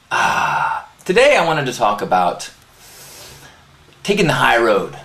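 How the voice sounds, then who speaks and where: A man hosting a live inspirational talk, praying and then telling a story in an earnest, animated way. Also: fairly low pitch, creaky, a little hiss or hum. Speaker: host. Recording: roomy live webcast audio.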